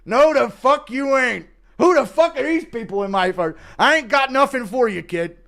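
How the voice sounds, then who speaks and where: A bewildered old man with dementia , as a man puts him on, who curses and shouts at the people around him in a high, straining voice. He swings wildly up and down in pitch and barks out short, belligerent lines. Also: expressive, moderate pace, creaky, exaggerated voice.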